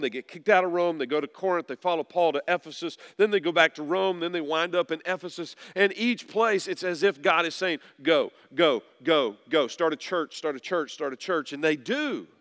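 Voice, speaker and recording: A pastor preaching a sermon, dropping low and soft at times, then rising loud to press a point. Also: male voice, clean tone. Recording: long reverb of a large hall.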